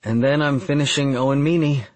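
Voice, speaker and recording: A man voicing an eager, playful young woman in an audiobook, with lively rising questions. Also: medium pitch, fairly quick, dry recording, voice pushed up, natural voice. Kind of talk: audiobook character voice.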